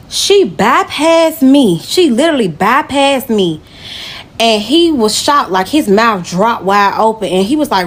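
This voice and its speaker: A woman's voice: fairly high pitch, very animated, a little slow. A woman telling a personal story to her camera in a casual, emotional way, speaking straight to her viewers.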